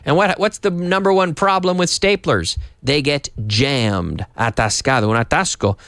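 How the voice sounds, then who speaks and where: A man's voice: a little high, moderate pace, fairly bright tone, no room sound, clean studio sound. A middle-aged man from Canada teaching English to Spanish speakers, acting out example sentences with big, exaggerated question intonation.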